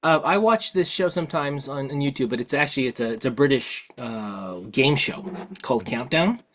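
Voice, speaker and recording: A podcast co-host chatting casually, telling stories with halting restarts and laughter. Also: mid-range voice, lively intonation, a bit bright. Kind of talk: casual conversation.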